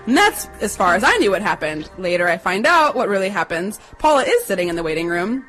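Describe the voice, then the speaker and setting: A young adult woman chattily telling a personal story to listeners, acting out the quotes in a higher voice. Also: big pitch swings, a little fast, fairly bright tone, faint music behind, poor audio.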